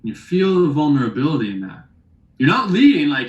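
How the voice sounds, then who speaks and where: A man's voice: medium pitch, lively intonation, brisk, dull audio. A man leading a relationship workshop, talking casually and teasing his audience with rhetorical questions. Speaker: workshop teacher. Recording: echoey room.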